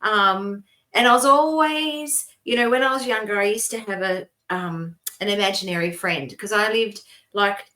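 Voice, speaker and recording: An Australian woman in middle age co-hosts a relaxed podcast. She tells long personal stories in a meandering, chatty way, often breaking into laughter as she goes. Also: mid-range voice, moderate pace, few pauses. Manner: rambling storytelling with frequent laughs. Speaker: co-host. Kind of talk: casual podcast chat.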